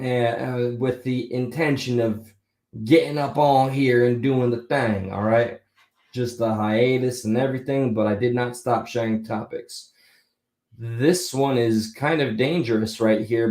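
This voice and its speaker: This is a man hosting a live stream and chatting casually into a spatial mic. He rambles, drifts between thoughts and often breaks off to start again. His voice sits at an ordinary pitch for a man. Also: darkish tone, echoey room. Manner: rambling, chatty, stops mid-thought and restarts.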